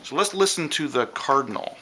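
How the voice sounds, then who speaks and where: A man's voice: fairly high pitch, lively intonation, brisk, heavy background noise. A man teaching children a science lesson, explaining step by step and imitating bird calls.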